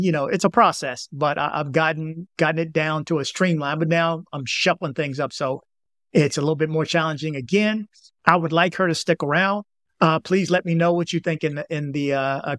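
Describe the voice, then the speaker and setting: A man's voice: fairly high pitch, a bit bright, no echo, clean studio sound. A man from Washington, D.C., hosting a news vlog, talking casually and rambling straight to his viewers, often repeating himself. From Washington, D.C., United States. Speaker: vlog host. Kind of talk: casual direct-to-camera talk.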